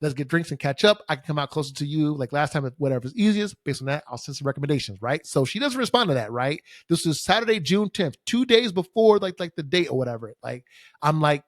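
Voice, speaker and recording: A man's voice: fairly high pitch, expressive, fast, no room sound, clean studio sound. A young man, hosting a solo podcast and telling stories with lots of fillers and swearing. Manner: casual, profane, exasperated ranting with many fillers. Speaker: podcast host. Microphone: studio microphone facing camera.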